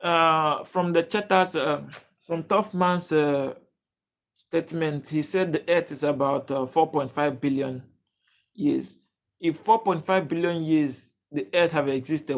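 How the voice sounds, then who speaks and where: A young man from Nigeria, hosting a casual livestream, reading out viewers' names and restarting his sentences with many fillers. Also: on the high side. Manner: halting, many fillers and restarts, addresses chat viewers by name. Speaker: livestream host. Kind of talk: casual live chat reading comments.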